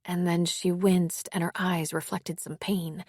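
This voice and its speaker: A woman narrating an audiobook in an even, measured reading. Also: on the low side, breathy edge, no room sound, studio quality. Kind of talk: scripted narration.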